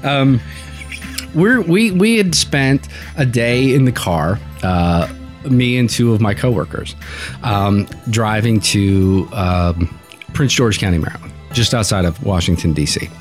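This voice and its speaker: A man's voice: fairly low pitch, unhurried, faint music behind. A man co-hosting a casual podcast chat, telling a long, winding story. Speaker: podcast co-host.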